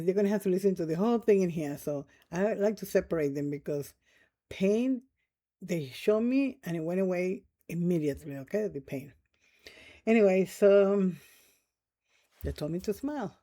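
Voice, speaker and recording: A middle-aged vlogger tells a personal story to camera in a casual, rambling way, using loose, nonstandard grammar and often checking in with the listener through "right?" and "okay?". The voice is mellow and medium in pitch.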